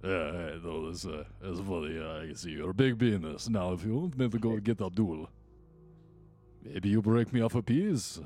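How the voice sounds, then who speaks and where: A greedy, gruff club doorman, as a man voices him. His voice sits low and dark, rising and falling a lot, with faint music behind. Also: normal speed. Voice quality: put-on foreign accent that slips.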